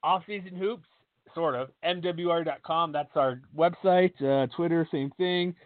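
A male podcast host with a somewhat high voice talks sports in loose, rambling chat, often restarting his sentences. The sound comes through a tinny, phone-like line. The room is dead and dry. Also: unhurried, no echo.

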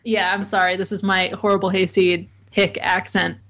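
A woman's voice: medium pitch, flat delivery, moderate pace, a bit bright. A woman calling in as a podcast guest, chatting casually with dry, self-mocking humor. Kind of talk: casual comedic chat. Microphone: remote call-in.

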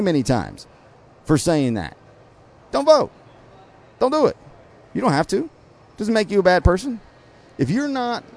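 A man's voice: medium pitch, darkish tone. A man hosting a podcast, ranting bluntly and with exasperation about politics, recorded at an outdoor market. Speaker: podcast host. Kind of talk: opinionated political rant.

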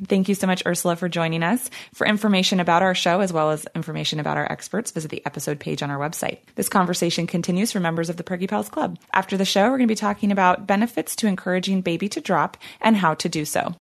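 A woman hosting a podcast, wrapping up a chat and reading the outro in a steady way. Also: fairly low pitch, fast talker, creaky, few pauses. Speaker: podcast host. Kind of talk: casual chat and scripted outro.

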